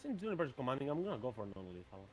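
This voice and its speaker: A man running a tabletop game as game master, narrating the action in an animated way with many fillers. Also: medium pitch, rapid-fire.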